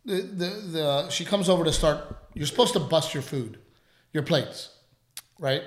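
A radio host telling a story in casual chat, rambling and animated, with plenty of fillers. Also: male voice, fairly high pitch, a little slow, roomy sound.

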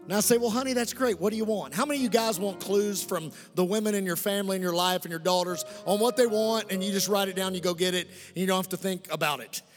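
A middle-aged male pastor preaching a lively, humorous sermon and calling out to the congregation for amens. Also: high voice, fast, hardly any pauses, soft background music. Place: church sanctuary. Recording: long reverb in a large hall.

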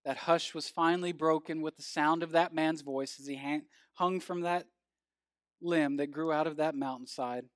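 A man preaching as pastor, reading scripture in a measured, earnest way and telling a story, his phrase ends falling soft. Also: on the high side, steady tone, no room sound, clean studio sound.

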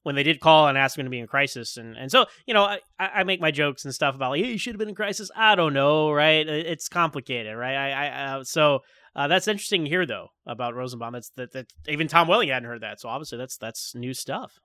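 A man's voice: a little high, dry recording, studio quality. A man hosting a podcast, chatting casually and laughing often. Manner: animated, fast, laughs often. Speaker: podcast host. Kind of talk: casual chat.

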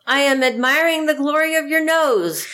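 Woman player, mock-grand and high. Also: moderate pace, pushed and bright. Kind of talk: playing a tabletop game.

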